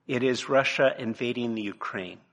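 A man preaching a sermon from his notes, emphatic, dropping to a hush and then rising to loud, pressing points. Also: medium pitch, normal speed. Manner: emphatic, swings from hushed to loud.

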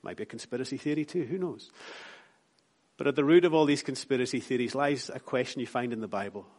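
A Scottish man preaching a sermon, building emphatic repeated phrases and then dropping softly. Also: mid-range voice, fast. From Scotland. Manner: rhythmic, repetitive preaching with rising emphatic lines and soft drops.

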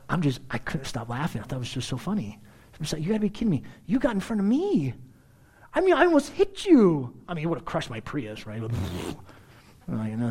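A middle-aged man preaching a sermon with a slightly high voice that swings widely in pitch. He tells everyday stories in a loose, chatty way, with asides to the congregation and frequent throat-clearing. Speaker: pastor.

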